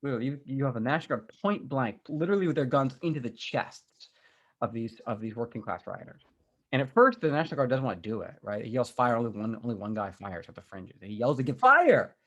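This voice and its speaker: A male history lecturer recounting events with animated storytelling energy. His voice sits at an ordinary middle pitch, and he often pauses on ums and restarts his sentences. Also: muffled recording. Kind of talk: recorded university lecture.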